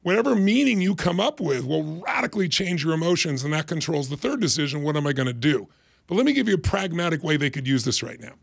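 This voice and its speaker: A middle-aged man speaks emphatically and acts out short quoted voices. His voice is gravelly and sits a bit high for a man, and he talks at a rapid clip. The sound is dry and close to the mic. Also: very animated, no echo. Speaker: guest, life strategist. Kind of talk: motivational explanation in interview.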